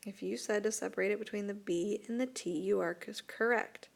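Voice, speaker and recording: A woman teacher giving a recorded lesson to young students, talking slowly and carefully and repeating each word. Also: medium pitch, gravelly. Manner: slow, deliberate, repeats words for young students. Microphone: tablet microphone.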